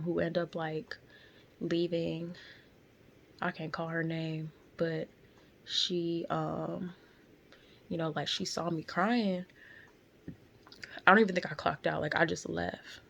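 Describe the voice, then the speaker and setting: A woman's voice: lowish voice, level tone, takes it slowly, gravelly, long pauses, lo-fi sound. A young woman telling a painful personal story in her car, candid and tearful, with lots of slang and fillers. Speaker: vlogger.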